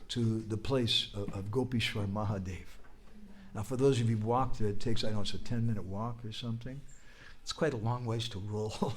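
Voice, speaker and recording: A man at a festival spins a devotional story as a sermon. His voice sits at an ordinary middle pitch but swings up sharply whenever he quotes a character or cries out. He keeps his listeners engaged with small jokes and quick prompts to the room. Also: husky. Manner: animated, leaps high and loud when quoting and crying out; humorous asides, prompts listeners with "huh?". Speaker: speaker at a religious festival.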